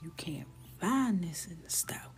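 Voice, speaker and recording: A woman chatting casually as she colors on a live stream, talking softly and often half-whispering, easygoing and quick to laugh. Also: on the low side, faint music behind. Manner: laughs easily, relaxed and unhurried.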